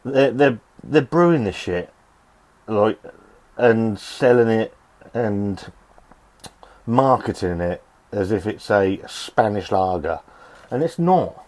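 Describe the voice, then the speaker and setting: A man's voice: on the low side, animated, slow, long pauses, a little mellow. A middle-aged man grumbling and swearing through a rambling, casual beer review in his shed. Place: home shed.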